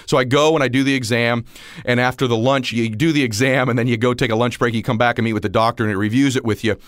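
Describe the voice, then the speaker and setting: Man, forties, motivational speaker, rapid storytelling, acts out dialogue, dry close sound. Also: mid-range voice, fairly even intonation, no echo. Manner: storytelling, acting out dialogue, rising to near shouts. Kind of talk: motivational talk.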